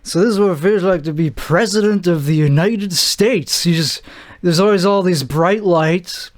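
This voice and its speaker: A young man hosting a solo podcast, rambling and self-deprecating with halting restarts, out of breath. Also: sits high. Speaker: podcast host. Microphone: camera mic.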